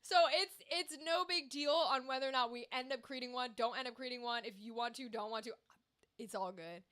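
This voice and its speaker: A chatty woman streamer with a high, bright voice talks briskly, rambling and speaking straight to her chat. She's a livestream gamer and host making casual conversation with viewers.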